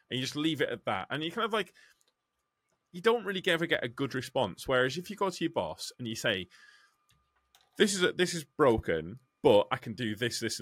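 Trucker guy ranting on a podcast, bright lively voice, swears a lot, dry close mic. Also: mid-range voice, dry recording. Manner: animated, swears freely, acts out quotes. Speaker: podcast co-host, truck driver. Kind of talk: casual podcast chat.

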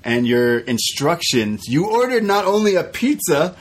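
A man's voice: on the high side, big pitch swings, unhurried. Brief: young male podcast co-host, casual, acts out quotes as he tells a story. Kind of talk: casual chat.

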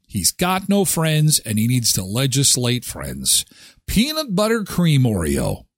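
A man's voice: medium pitch, a little slow, husky, no echo, studio quality. A middle-aged man from Canada hosting a live show, chatting casually and joking sarcastically as he reads viewer comments. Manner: animated, joking, sarcastic asides.

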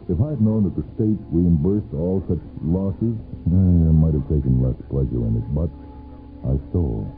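A man narrating a first-person story for radio, with a measured, brooding delivery and long pauses. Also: deep voice. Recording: lo-fi narrow-band 1970s radio recording with faint music.

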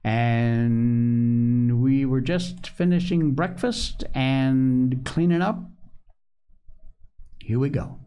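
A man hosting a show who reads an old children's book aloud in a lively, expressive storytelling manner. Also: medium pitch, drawn-out words, pauses often, smooth. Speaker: podcast host reading a book aloud. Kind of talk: reading a children's classic aloud.

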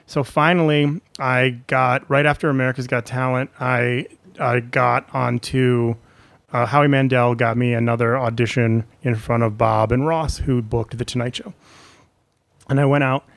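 A man's voice: mid-range voice, normal speed, vocal fry, dry recording. A man, a comedian guest, telling stories in a casual chat and acting out the people he quotes. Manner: animated storyteller, acts out quoted people.

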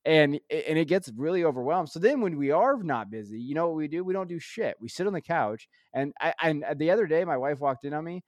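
A man's voice: on the high side, expressive, fairly quick, hardly any pauses, dry recording. A stressed man in his thirties co-hosts a casual podcast and unloads his worries. His talk is weary and full of filler words. The sound is dry and close. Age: 30s. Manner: weary, venting, heavy on fillers. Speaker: podcast co-host. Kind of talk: casual chat.

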